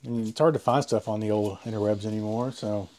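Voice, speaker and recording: A man's voice: on the low side, fairly even intonation, fairly quick, darkish tone, a little hiss or hum. Crude, joking man opening a card box. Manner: crude joking, swears freely, rambling. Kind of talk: casual chat while unboxing. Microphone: close mic he says he overloads.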